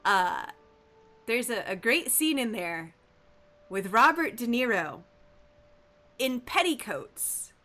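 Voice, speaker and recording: A woman with a fairly high voice hosts a live game stream, talking casually to her chat. She is animated and playful, reacting quickly to whatever viewers type in.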